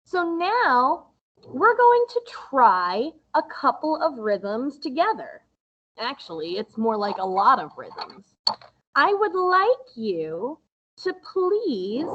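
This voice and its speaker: A woman music teacher giving a recorded lesson to young children, explaining slowly and patiently in a sing-song way. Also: high voice, fairly bright tone, husky, dull audio.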